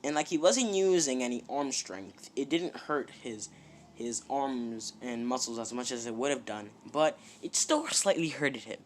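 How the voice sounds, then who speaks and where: A man's voice: mid-range voice, animated, unhurried, slight background noise. A man casually retelling a fan-made story, rambling with many fillers and "he's like" asides.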